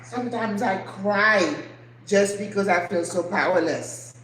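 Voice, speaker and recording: An older woman, host of her own channel, talks at a measured pace in a mid-range voice while cooking at home. Her casual chat is earnest, emotional and sprinkled with rhetorical questions, recorded in an echoey kitchen with faint ambient noise.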